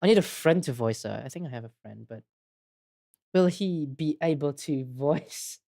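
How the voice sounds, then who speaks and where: Giggly woman streamer with a lively voice. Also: sits low, unhurried, gravelly. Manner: giggly, chatty and self-mocking. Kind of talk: casual gameplay chat.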